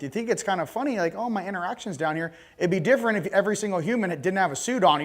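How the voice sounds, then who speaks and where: High-voiced man, blunt joking speaker. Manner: animated, joking, blunt and crude. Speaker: conference speaker. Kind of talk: live talk to an audience.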